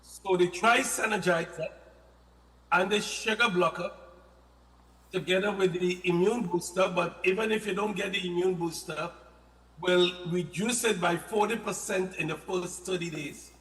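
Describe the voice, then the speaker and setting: A man talks about health in a high, sharp-edged voice, animated and given to playful asides. He sounds echoey, with a long reverb trailing his words. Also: unhurried. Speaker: health product guest. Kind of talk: casual radio-style health talk.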